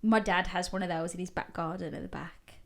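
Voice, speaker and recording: A woman co-hosts a podcast, casually reading out listeners' ghost stories with laughs and the odd swear word. Her voice is fairly low in pitch with fairly even intonation and a slightly fast pace.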